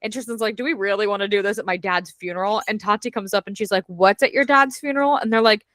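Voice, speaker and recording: A woman co-hosting a casual book club podcast, blunt and profane, with quick asides. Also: mid-range voice, a bit bright, no echo. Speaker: podcast co-host.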